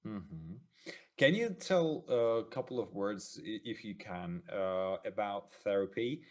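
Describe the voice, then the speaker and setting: A man hosting an interview podcast, asking questions in a halting way and praising his guest's answers. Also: lowish voice, animated, a little mellow. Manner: encouraging, halting, many fillers and restarts. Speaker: podcast host.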